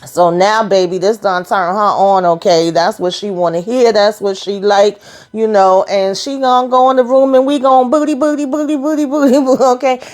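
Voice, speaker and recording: A woman giving a casual, sassy recap of a TV episode, talking straight to her viewers in animated, colloquial speech. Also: medium pitch, normal speed. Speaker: TV recap vlogger.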